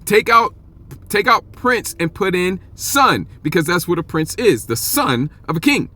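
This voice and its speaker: A man teaching from the Bible in an informal, emphatic way, often checking in with "okay?" and reading verses slowly and drawn out. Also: sits high, big pitch swings, pushed and bright. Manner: reads scripture aloud slowly and stretched out.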